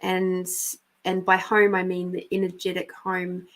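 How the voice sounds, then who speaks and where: A woman's voice: on the low side, completely flat delivery, unhurried, a bit bright, rough recording. A woman from New Zealand with a New Zealand accent, hosting a live stream and giving intuitive card readings in a chatty, affectionate way, speaking to viewers by name.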